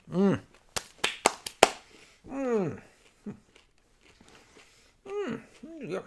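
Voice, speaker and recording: Gravelly, slow-talking older man host. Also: high voice, big pitch swings, heavy background noise. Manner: rambling, wry, with frequent fillers and restarts. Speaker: livestream host. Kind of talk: casual chat reading viewer comments.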